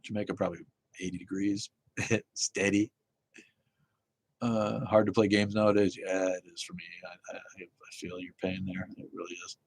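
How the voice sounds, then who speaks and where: A man's voice: sits low, flat delivery, normal speed, vocal fry, a little hiss or hum. A man from Connecticut hosting a live stream, ranting and chatting with viewers in a profane, heated way. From Connecticut, USA. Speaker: livestream host. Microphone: phone.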